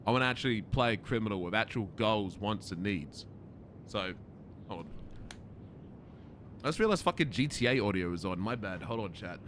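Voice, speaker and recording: A male streamer chats casually with his viewers in an animated way, swearing freely and laughing often, with a slight lisp and occasional slurred words. His voice is on the low side at a moderate pace with long pauses, over slight background noise.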